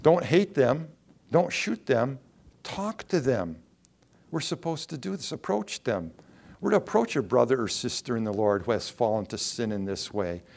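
A man's voice: medium pitch, very animated, moderate pace, gravelly, darkish tone. A man preaching a sermon in a conversational way, asking the listeners questions and acting out short quotes. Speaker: pastor.

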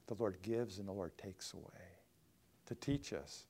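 A man preaching a sermon to a congregation, acting out quoted pleas in a raised voice and dropping to a hush for quieter passages. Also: deep voice, unhurried, husky. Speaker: pastor.

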